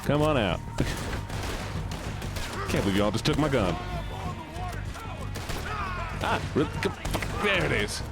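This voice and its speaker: Excitable Southern-accented man streaming a game. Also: mid-range voice, takes it slowly, long pauses, over loud music. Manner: excitable, laughing, swearing, talking to chat. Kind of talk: casual gameplay commentary.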